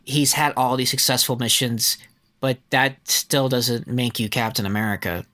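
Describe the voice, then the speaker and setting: A man's voice: medium pitch, steady tone, normal speed, pushed and bright. A man co-hosting a podcast in casual chat, joking loosely and swearing now and then. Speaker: podcast co-host.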